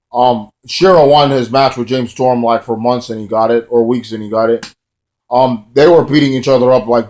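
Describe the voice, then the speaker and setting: A man recapping a wrestling show for his channel in a loose, off-the-cuff way. His talk wanders and leans on plenty of fillers, and his voice sits at an ordinary middle pitch for a man. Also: a little mellow. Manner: loose and rambling, full of fillers. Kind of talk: casual spoken recap.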